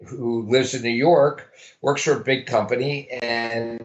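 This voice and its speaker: A man's voice: medium pitch, fairly even intonation, a little slow. Guy rambling thru an interview, lots of restarts, kinda muffled recording. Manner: rambling, restarts, thinks aloud. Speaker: guest, realtor. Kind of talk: casual interview answers.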